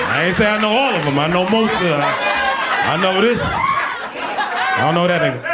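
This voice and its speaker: A male stand-up comedian doing crowd work, teasing people in the audience and slipping into quick put-on voices. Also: fairly high pitch, lively intonation, heavy background noise. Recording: live club set with loud crowd laughter.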